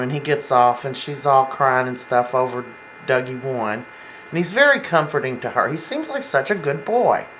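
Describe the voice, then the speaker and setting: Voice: medium pitch, a bit bright, slight background noise, rough recording. A soap opera fan giving a casual, rambling episode recap, full of fillers and restarts. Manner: rambling, acts out quoted lines, many fillers.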